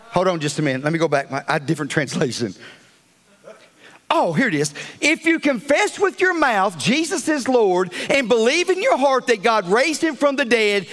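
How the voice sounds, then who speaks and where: A man preaching a fiery sermon as pastor, swinging between loud calls and hushed asides. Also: very high voice, sing-song, moderate pace.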